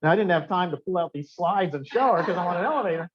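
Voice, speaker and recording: A high-pitched, husky male voice rushes along as this keynote speaker tells upbeat stories and asks the audience questions during an anecdotal seminar talk. The event took place in a restaurant function room, and the lo-fi recording sounds dull.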